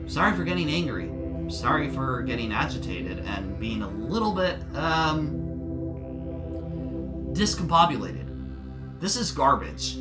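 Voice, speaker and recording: A man's voice: mid-range voice, animated, moderate pace. A man giving a solo film review in an exasperated, sarcastic, ranting manner. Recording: music playing under the voice.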